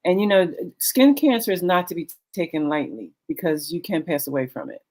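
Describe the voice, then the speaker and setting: A middle-aged woman on a video call telling her story with many pauses and fillers, acting out the dialogue she recalls. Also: lowish voice, lively intonation, darkish tone. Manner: halting, many fillers, acts out quoted dialogue. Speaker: guest sharing her story. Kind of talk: candid conversational storytelling.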